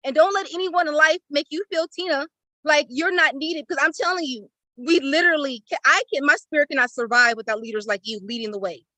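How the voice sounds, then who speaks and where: Over a laptop or phone video call, a woman from an online class speaks fairly quickly in a high, pushed and bright voice. She delivers an effusive, heartfelt and tearful testimony of gratitude. The audio is poor, though there's no echo.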